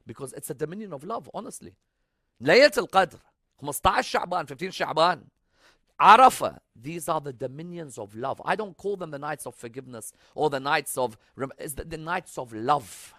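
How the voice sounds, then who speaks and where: An emphatic, lively-voiced male preacher. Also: fairly high pitch, no room sound, studio quality. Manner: emphatic, swings between loud urging and soft intimate storytelling; recites Arabic scripture quickly in a chanting lilt. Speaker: religious preacher. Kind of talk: sermon.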